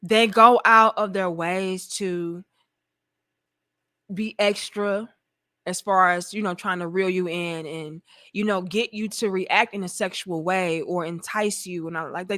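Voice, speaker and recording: Woman vlog host, blunt and profane, bright, forceful tone. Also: mid-range voice, steady tone, measured pace, no echo, studio quality. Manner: blunt, profane, talks straight to the viewers. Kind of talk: casual commentary vlog.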